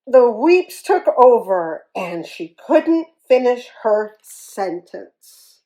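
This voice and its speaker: A woman reading a children's story aloud in an expressive, animated way. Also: on the high side, extremely slow, hardly any pauses, low-quality recording.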